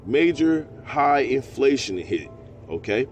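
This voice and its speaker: A man teaching scripture, reading verses slowly and breaking into slangy, profane asides. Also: medium pitch, very animated, darkish tone, faint music behind. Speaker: preacher. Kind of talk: scripture teaching with street talk.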